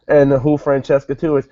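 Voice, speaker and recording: Casual male reviewer, mellow tone, digressive delivery, dull lo-fi sound. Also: mid-range voice, no room sound. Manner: rambling, digressive, self-correcting. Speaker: wrestling show reviewer. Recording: dull lo-fi dry recording.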